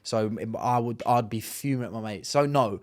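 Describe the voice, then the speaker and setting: A man's voice: medium pitch, moderate pace. A man co-hosting a casual podcast, blunt and heated, swearing a lot as he argues. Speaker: podcast co-host.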